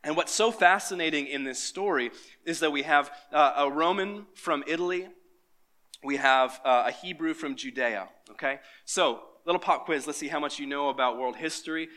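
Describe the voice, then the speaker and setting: Bright-voiced man preaching a sermon. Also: fairly high pitch, moderate pace. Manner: engaging, quizzes the congregation. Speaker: pastor.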